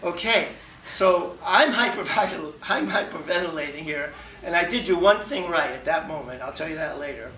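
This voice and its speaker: A man tells a funny personal story to an audience, animated, acting out the dialogue and laughing along. His voice is bright and forward. He is picked up from a distance in an echoey room with faint ambience. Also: fairly high pitch, normal speed, slight background noise. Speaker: humor contest speaker. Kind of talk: humorous personal story speech. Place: meeting room before an audience.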